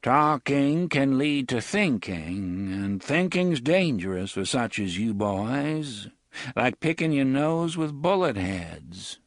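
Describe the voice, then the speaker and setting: A man's voice: mid-range voice, big pitch swings, slow pace, dry recording, studio quality, pitched above the performer's own voice. A man voicing a menacing older gunman with a wavery, sneering voice in an audiobook. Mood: mocking. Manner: sneering, mocking. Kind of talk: audiobook character voice.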